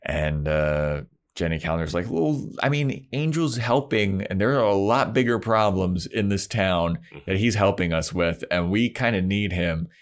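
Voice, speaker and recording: A man with a low-pitched voice co-hosts a podcast, walking through a TV episode in relaxed chat. He keeps breaking into exaggerated impressions of the characters as he retells scenes. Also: normal speed, few pauses. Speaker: podcast co-host. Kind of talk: casual chat recapping a TV episode.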